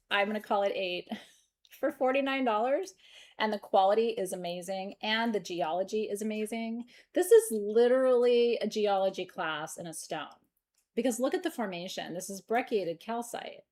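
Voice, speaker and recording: A woman's voice: mid-range voice, darkish tone. A middle-aged woman hosting a live stream sale, joking and laughing as she shows off stones. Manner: playful, giggly, jokey. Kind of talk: live-stream sales chat.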